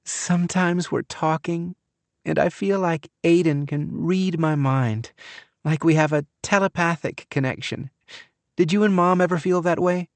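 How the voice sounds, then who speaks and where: A man's voice: on the high side, a little slow, dry recording, pitched above the performer's own voice. A man voicing a cold, scheming young woman in an audiobook, with a breezy, offhand delivery. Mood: mocking sing-song. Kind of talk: audiobook character voice.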